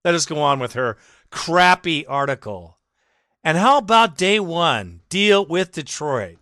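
A man's voice: high voice, expressive, a little slow, bright, forceful tone, dry recording, clean studio sound. A man hosting a sports podcast, ranting sarcastically and mockingly at an absent critic, with indignant swearing. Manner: rants, swears, directly addresses absent critic. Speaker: podcast host.

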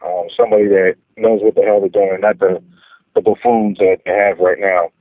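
A man's voice: low voice, level tone, normal speed, no echo. A man from North Carolina calling in, giving his earnest take on the team with frequent hesitations. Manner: earnest fan analysis with hesitations. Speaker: caller. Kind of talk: call-in comment. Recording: tinny phone line.

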